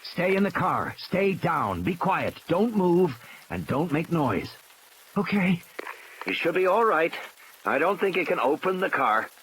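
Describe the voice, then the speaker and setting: A man playing a grown man on a radio, giving short, steady instructions in a slightly raised voice. Rain patters steadily in the background. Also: a little high, unhurried, slight background noise, pitched above the performer's own voice, poor audio. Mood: tense instructing. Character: calm adult man on a radio.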